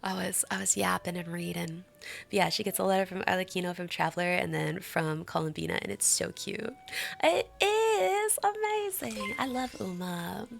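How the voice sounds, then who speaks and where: A woman's voice: lowish voice, steady tone, brisk, vocal fry, a bit bright. A young adult woman streaming live, chatting with her viewers in a bubbly, giggly, gushing way.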